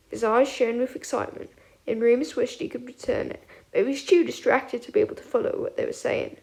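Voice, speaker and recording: A woman reading a fan audiobook aloud with expressive storytelling. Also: a little high, fairly quick, vocal fry. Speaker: audiobook reader.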